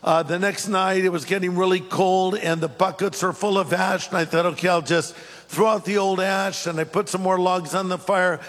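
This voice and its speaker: A man from California preaching a sermon, telling a lively personal story and then reading scripture slowly. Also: high-pitched, long reverb tail, soft background music. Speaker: pastor.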